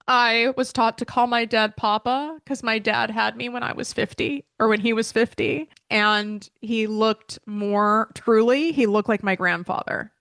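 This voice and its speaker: A woman's voice: a little high, fairly even intonation, a little slow, fairly bright tone, dry recording, clean studio sound. Chatty, emotional woman podcast host. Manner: chatty, emotional, many fillers like "like" and "okay". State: emotional, close to tears. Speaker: podcast host and business coach. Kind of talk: casual solo podcast talk.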